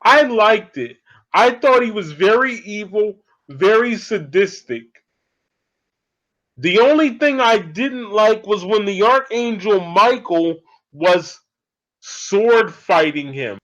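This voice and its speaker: A man in his thirties casually recapping a horror movie as an excitable, laughing storyteller, in a dull lo-fi recording. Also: sits high, slow pace. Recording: dull lo-fi audio.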